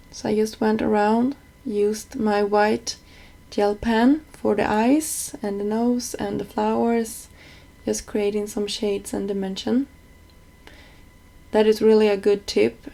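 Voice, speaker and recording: A woman's voice: medium pitch, vocal fry, warm tone. A woman narrating a card-making tutorial as a voice-over, explaining each step plainly with small slips.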